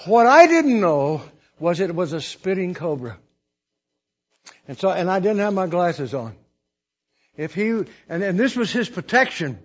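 A man's voice: high voice, very animated, a little slow, pauses often, highs cut off. An older man, a missionary preacher, telling a story in a folksy, rambling sermon with restarts and chuckles.

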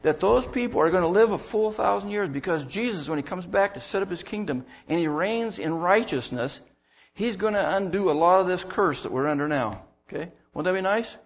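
A man's voice: high-pitched, lively intonation, a little fast, lo-fi sound. A man preaching a sermon in a conversational way, repeating words as he goes and bursting into emphatic lines. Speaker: pastor.

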